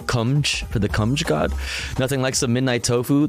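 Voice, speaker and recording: A man's voice: medium pitch, lively intonation, normal speed, faint music behind. A man chatting casually and crudely with viewers on a livestream while he reacts to clips.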